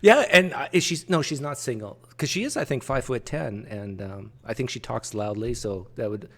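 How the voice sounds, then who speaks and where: A man's voice: medium pitch, moderate pace. Joking Canadian-born man with Midwestern accent. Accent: Midwestern American. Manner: joking, relaxed. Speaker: host. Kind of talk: casual interview chat.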